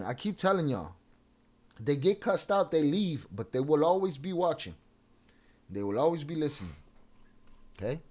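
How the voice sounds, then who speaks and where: A young adult man hosting a livestream, ranting profanely at commenters and mixing in Spanish slang. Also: on the high side. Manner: profane, confrontational, talking back to chat. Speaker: livestream host. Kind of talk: casual livestream rant.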